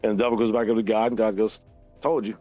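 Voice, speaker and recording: A man's voice: lowish voice, flat delivery, racing, dark tone, soft background music. A man in his thirties co-hosting a casual podcast, retelling a story loosely, swearing constantly and laughing often. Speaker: podcast co-host. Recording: dull, dry, lo-fi sound.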